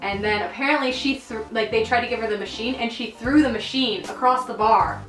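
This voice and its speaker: A woman's voice: a little high, fairly quick, fairly bright tone. A woman co-hosting a podcast, telling work stories in a casual, profane, laughing way. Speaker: podcast co-host. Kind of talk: casual storytelling chat. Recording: echoey room, distant mic, faint music.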